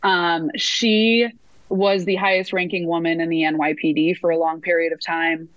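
A woman's voice: lowish voice, normal speed, no room sound. Chatty woman telling stories, dull dry audio. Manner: lively storyteller with many fillers and restarts. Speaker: sports announcer, interview guest. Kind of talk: casual interview storytelling.

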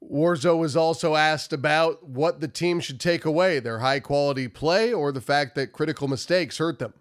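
A man's voice: a little high, normal speed. Nasal-voiced man with a cold. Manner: emphatic, repetitive, stumbles over words. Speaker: hockey commentary host. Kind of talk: post-game analysis video.

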